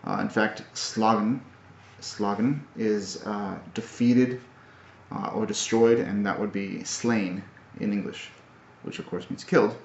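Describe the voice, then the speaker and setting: Brief: man, low voice, thoughtful and halting self-recorded vlog, echoey room on a muffled mic. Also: fairly even intonation, gravelly, slight background noise. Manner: halting, thoughtful, many fillers and restarts. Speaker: language learner. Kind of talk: casual video recap. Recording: roomy, dull lo-fi audio.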